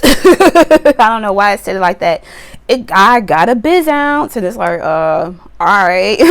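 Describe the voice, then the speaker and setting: A woman giving a casual tarot reading to camera outdoors, chatty and animated, now and then acting out the viewer's voice. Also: medium pitch, clean tone. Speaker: tarot reader. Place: outdoors on a windy day. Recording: wind noise, slightly distant mic.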